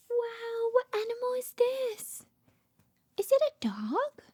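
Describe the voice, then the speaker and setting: A woman reads a bedtime picture book to little ones in a very high, bright-toned voice that swoops up and down with lively inflection. She speaks slowly and gently, often dropping into a soft whisper. She keeps pausing to coax the child with questions. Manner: coaxing, asks the child many questions. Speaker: speech therapist reading aloud. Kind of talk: bedtime story read-aloud for young children.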